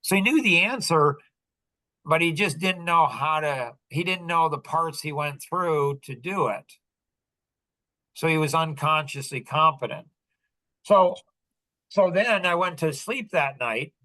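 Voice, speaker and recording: Man, bright forceful voice, dry close sound, rambling casual teaching, lots of ums. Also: on the high side, a little slow, no room sound, low-quality recording. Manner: loose and wandering, with many fillers and restarts. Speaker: coach hosting a group call.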